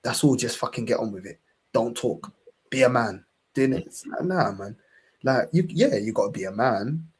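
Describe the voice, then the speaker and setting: This podcast chat features a young London-accented man from England who runs a fan channel and speaks with impassioned, swearing energy, repeating "bro" constantly. His medium-pitched voice is animated and slightly rough, moving at a moderate pace.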